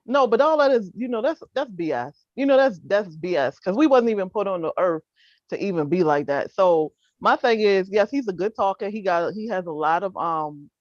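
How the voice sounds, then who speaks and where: A woman's voice: medium pitch, animated, normal speed, no echo. A woman co-hosting a casual panel debate over a video call, blunt and dismissive, talking in loose slang. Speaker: talk show co-host. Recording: dull lo-fi video call audio.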